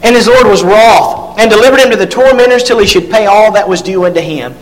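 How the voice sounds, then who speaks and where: A man preaching a sermon and reading scripture aloud, leaning hard on key words and drawing some of them out slowly. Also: sits high. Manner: emphatic, drawn-out stresses on key words. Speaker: pastor. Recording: long hall reverb.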